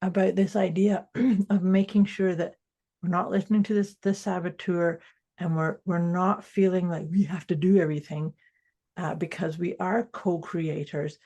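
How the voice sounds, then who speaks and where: Woman, co-host, motivational mindset chat, mellow tone, husky, reflective, self-correcting. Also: lowish voice, steady tone, moderate pace. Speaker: podcast co-host.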